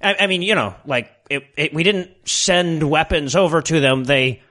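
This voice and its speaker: High-voiced man ranting sarcastically. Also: normal speed, bright, forceful tone. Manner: sarcastic, profane rants. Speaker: podcast co-host. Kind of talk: comedic casual chat.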